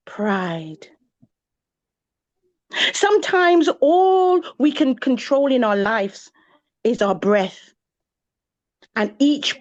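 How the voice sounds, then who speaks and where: A woman's voice: high voice, expressive, drawn-out words, long pauses. A woman from England performing spoken-word poetry in a rhythmic, chant-like way, with sung and exclaimed bursts. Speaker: poet. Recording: dull lo-fi recording of a live gathering.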